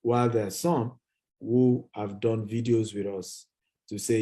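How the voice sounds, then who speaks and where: A man's voice: on the low side, fairly even intonation, measured pace, warm tone. A man hosting a live stream on investing, urging viewers to type their replies. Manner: urges viewers to type replies, hyping them up. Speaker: real estate company managing director hosting a live session.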